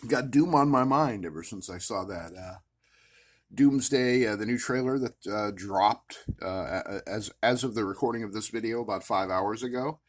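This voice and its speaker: A man's voice: lowish voice, normal speed. A man casually rambling at his worktable about his action figures, with many "uh" fillers and wry, self-amused asides. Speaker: action figure collector vlogger. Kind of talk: casual rambling show-and-tell.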